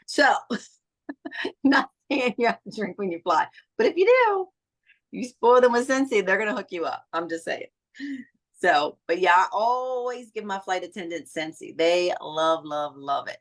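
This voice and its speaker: A woman's voice: mid-range voice, big pitch swings, normal speed. A woman in casual chat, telling stories animatedly and acting out the voices of the people she quotes. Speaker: direct sales consultant.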